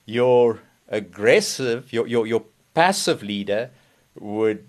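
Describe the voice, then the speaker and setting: Man, teacher-guest, very expressive pitch, mid register. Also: slow. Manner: animated, acts out examples in quoted voices. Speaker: guest speaker on communication. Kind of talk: conversational teaching.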